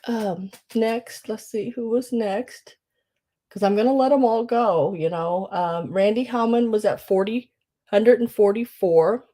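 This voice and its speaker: A woman hosting a live online sale, tearful and crying as she talks, emotional and grateful, halting between her words. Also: medium pitch, warm tone. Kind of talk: live-streamed auction chat.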